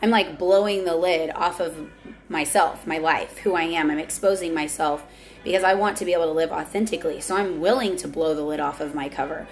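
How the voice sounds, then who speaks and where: A woman's voice: low-pitched, brisk. A young woman talking candidly on her vlog, earnest and confessional, often restarting her sentences. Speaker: vlogger. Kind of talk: candid personal vlog talk.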